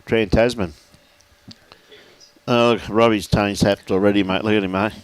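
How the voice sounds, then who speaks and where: A man's voice: lowish voice, fairly even intonation, normal speed, clean tone, no room sound. A man commentating live lawn bowls, chatty and jokey, reeling off scores and bantering with his co-host. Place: bowls club.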